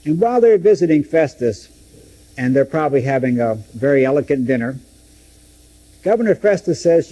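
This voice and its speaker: A man's voice: on the high side, very animated, brisk, dark tone, poor audio. A man teaching through a Bible book, dramatically acting out the quoted speeches. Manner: dramatic, acts out scripture quotes.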